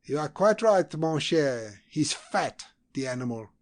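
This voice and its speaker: Sneering, condescending young diplomat for a storybook reading, sharp and raised in pitch, as a male narrator puts him on. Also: sing-song, measured pace. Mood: mocking.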